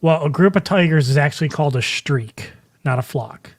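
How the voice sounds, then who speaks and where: A man's voice: on the high side, brisk, slight background noise. A man on a casual sports podcast who jokes around, chuckles and shares offbeat trivia.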